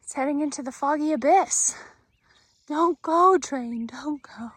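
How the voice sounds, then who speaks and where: A woman's voice: high voice, a little slow, no room sound. Chatty hiking woman outdoors. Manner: chatty, exclaiming often at the views. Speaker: thru-hiker vlogger. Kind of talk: casual trail vlog narration. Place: outdoors on a desert mountain trail.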